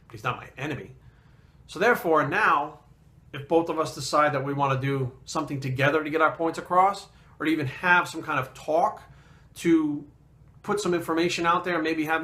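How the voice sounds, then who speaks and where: A man, a fitness trainer, telling a story in a casual vlog, blunt and animated and swearing constantly. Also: fairly high pitch.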